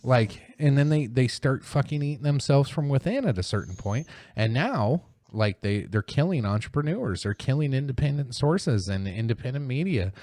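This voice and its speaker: A man's voice: expressive, normal speed, hardly any pauses, a little mellow, no room sound. Profane ranting man, dry close mic. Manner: profane, heated, mocking mimicry in high voice. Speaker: podcast host. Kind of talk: casual political rant.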